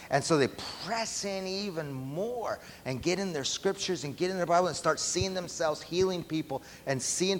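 A man preaching a sermon, emphatic and often asking the room questions. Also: on the high side. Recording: long hall reverb, faint background noise.

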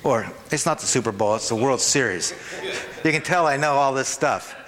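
A man's voice: mid-range voice, lively intonation, moderate pace, fairly bright tone, in a large hall, slight background noise. A man preaching a sermon in an informal, conversational way, often checking in with the congregation. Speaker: pastor. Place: church hall.

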